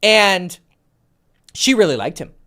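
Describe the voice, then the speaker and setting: A man with a high-pitched voice and slow pace hosts a dating advice Q&A as a coach. He's casual and animated, swears a lot, and acts out quoted dialogue.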